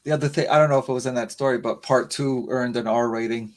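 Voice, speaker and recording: A man's voice: medium pitch, steady tone, fast. A man on a casual livestream, laid-back and a little hesitant, with frequent ums.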